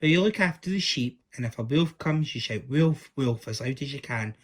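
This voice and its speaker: A man's voice: medium pitch, expressive, moderate pace, lightly acted. A man reading aloud and voicing a grumpy, honest young boy who complains a lot. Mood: whiny. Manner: whiny, complaining.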